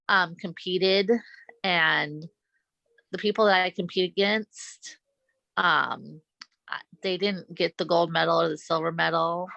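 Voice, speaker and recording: A woman guest, a Special Olympics athlete, telling her stories in an earnest, halting way with many restarts. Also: on the low side, gravelly, bright, forceful tone, no room sound, highs cut off. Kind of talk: conversational interview storytelling.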